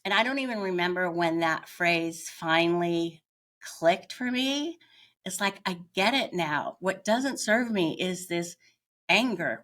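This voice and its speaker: Older woman, kinda low voice, yoga teacher guest opening up about her life, candid and reflective, stops to find her words. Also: fairly bright tone. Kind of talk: reflective personal storytelling.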